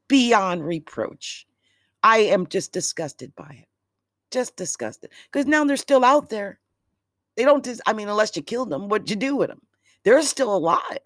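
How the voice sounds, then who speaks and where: Woman, slow and low, emotional monologue, choked up, drifts into whispers; dry close recording. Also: no echo. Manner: impassioned, prayerful, trailing into soft whispers. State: choked up from crying.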